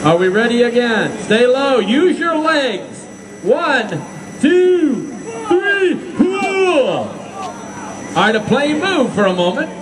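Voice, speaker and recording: A man working as an event announcer, coaching a crowd with loud countdowns and rapid repeated commands, outdoors on an airport tarmac. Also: very high-pitched, very animated, background noise.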